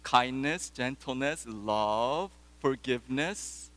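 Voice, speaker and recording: Taking his time, an animated pastor tells stories and directs questions at his congregation during a sermon. His medium-pitched voice is a bit bright, and there's a long reverb tail.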